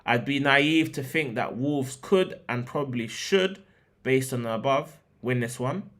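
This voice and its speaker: A man's voice: mid-range voice, unhurried, fairly bright tone. A man hosting a football podcast, reading match previews from a script with joking asides and restarts.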